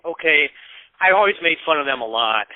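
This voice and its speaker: A man's voice: fairly high pitch, animated, brisk, dry recording. A man in his fifties from the American Midwest, telling casual stories as an interview guest, acting out the voices of people he quotes and swearing now and then. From Peoria, Illinois, US. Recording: tinny phone-like dry sound.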